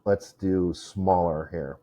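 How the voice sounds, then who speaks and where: Slow, mellow-voiced male teacher. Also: low-pitched, fairly even intonation. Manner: chatty, self-correcting, many fillers. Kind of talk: informal classroom lesson.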